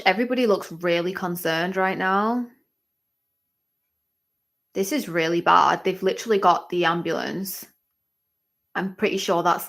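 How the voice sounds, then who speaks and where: Chatty woman with a gravelly edge. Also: on the low side. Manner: excitable, exclamatory reactions; chatty, filler-heavy talk. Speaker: livestream host. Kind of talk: live fight-watching commentary.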